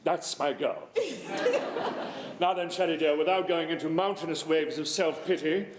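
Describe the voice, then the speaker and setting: An actor playing a flamboyant, self-adoring middle-aged English playwright on a theater stage, with theatrical, grandiloquent delivery. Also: male voice, on the high side, very animated, unhurried, heavy background noise. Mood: grandly gossiping. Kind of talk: stage comedy acting. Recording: roomy theater stage sound.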